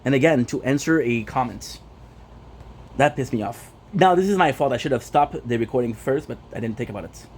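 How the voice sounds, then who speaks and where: A man's voice: mid-range voice, expressive, a little fast, a little hiss or hum. A man whose first language is French, hosting a gaming stream and bluntly ranting with frustration, swearing and repeating himself. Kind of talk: casual ranting vlog.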